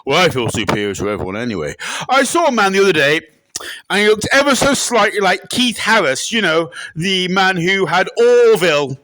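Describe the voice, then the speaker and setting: High bright-voiced man, comic interviewee. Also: sing-song, fairly quick, no room sound, poor audio. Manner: bursts into loud shrieking impressions. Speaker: interviewee in a comedy sketch.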